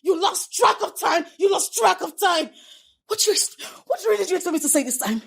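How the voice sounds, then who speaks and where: A woman's voice: extremely high pitch, very animated, racing, vocal fry, exaggerated voice. An actress with a Nigerian accent playing a young wife who is angry at her husband for neglecting her, heated and accusing. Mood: bitter. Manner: heated, accusing, repeating herself. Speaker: actress in a film. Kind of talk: film drama acting.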